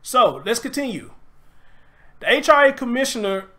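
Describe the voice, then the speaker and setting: A man's voice: very high voice, sing-song, moderate pace, sharp tone. A man from Memphis with a Southern accent, hosting a casual live stream, reading an article aloud and reacting to it emphatically. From Memphis, USA. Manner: reads aloud then reacts emphatically, greets viewers.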